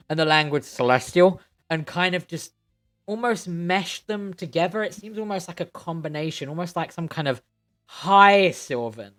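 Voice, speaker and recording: A man acting as game master, describing scenes at length and searching for words. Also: on the high side. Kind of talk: narrating a tabletop game.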